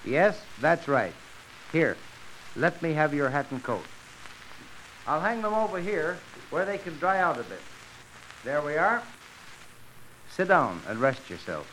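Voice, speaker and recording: A man's voice: fairly high pitch, sing-song, a little slow, pauses often, fairly bright tone, slight background noise, poor audio. A man in a 1930s radio dialogue, welcoming a visitor in a hospitable, earnest way. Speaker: doctor hosting a visitor.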